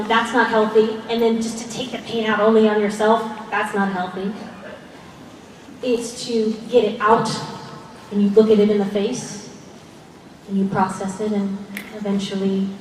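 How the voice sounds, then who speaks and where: An actress at a fan convention panel, speaking earnestly and passionately with frequent laughs. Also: female voice, medium pitch, level tone, moderate pace, a little mellow, slight background noise. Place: large convention hall. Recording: echoey hall, voice far off, faint crowd ambience.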